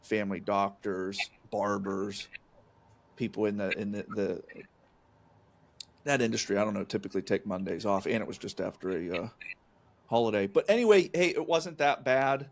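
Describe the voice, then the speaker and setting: A man's voice: lowish voice, moderate pace, vocal fry. A man co-hosting a casual podcast chat, talking in a rambling, folksy way with lots of fillers and restarts. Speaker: co-host, real estate agent.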